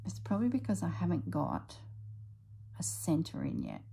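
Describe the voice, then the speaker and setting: A middle-aged woman chatting casually while she stitches, thinking aloud and drifting into soft asides. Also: fairly low pitch, huge pitch swings, moderate pace, vocal fry, slightly rough, low-quality recording. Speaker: slow-stitching vlogger.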